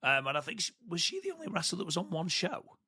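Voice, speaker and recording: A man's voice: high-pitched, huge pitch swings, fast, crowd noise. A man co-hosting a podcast, chatting casually and enthusiastically. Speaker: podcast co-host.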